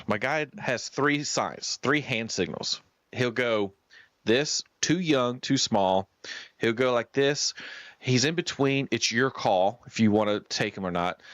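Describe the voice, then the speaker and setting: A man casually telling a hunting story on a stream, animated and acting out what his guide said. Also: lowish voice, dry recording. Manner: animated, acts out the guide's words.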